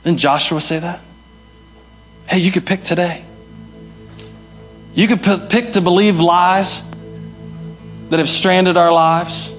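A man's voice: high voice, slow, long pauses, a bit bright, soft background music. A young male pastor preaching a sermon, emphatic and repeating his key phrases. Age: young adult. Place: church hall.

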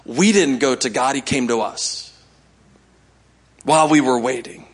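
A man's voice: mid-range voice, unhurried, breathy edge. A male pastor giving a sermon in a conversational way, coaxing the congregation to respond.

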